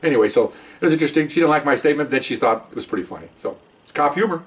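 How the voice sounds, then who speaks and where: Fast-talking man telling a cop story. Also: fairly high pitch, recorded from a distance. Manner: rambling, conversational, quotes others with animated voice. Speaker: retired police commander telling a story. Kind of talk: casual storytelling to camera.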